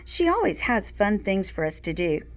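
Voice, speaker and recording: A woman's voice: medium pitch, sing-song, moderate pace. A woman voicing a friendly schoolgirl in a read-aloud storybook, whispering to a classmate. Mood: whispery. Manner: whispering, conspiratorial.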